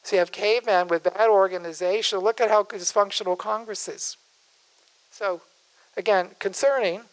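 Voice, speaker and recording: Smooth-voiced older man giving a folksy speech. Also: high-pitched, fairly even intonation, normal speed, rough recording. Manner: folksy, digressive, self-interrupting. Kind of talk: conversational public speech.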